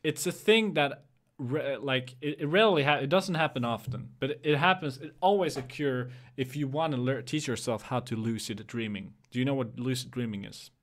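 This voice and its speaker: Young man, podcast host, casual, rambling, fillers, mid pitch. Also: normal speed. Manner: rambling, many fillers and restarts. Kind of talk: casual chat.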